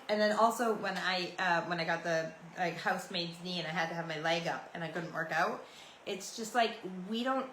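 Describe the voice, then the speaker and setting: A woman's voice: on the low side, a bit bright, echoey room, a little hiss or hum, low-quality recording. A Canadian woman in her forties hosting a podcast, rambling through stories in a chatty, meandering way. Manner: chatty, meandering, loose and storytelling. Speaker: podcast host. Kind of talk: rambling solo podcast chat.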